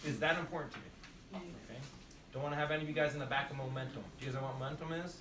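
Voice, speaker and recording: A man's voice: medium pitch, steady tone, racing, noisy background. A man teaching nursing students in a classroom, drilling points through repetition and quizzing the class with questions. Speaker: nursing instructor. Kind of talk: classroom demonstration lecture. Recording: echoey room, mic at a distance.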